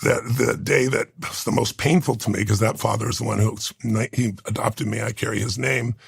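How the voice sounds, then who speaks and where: A man's voice: fairly low pitch, steady tone, normal speed, no echo, clean studio sound. A man in his sixties telling an emotional personal story as an interview guest, earnest and intense. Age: 60s. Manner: earnest, intense, rough gravelly voice, moved to tears.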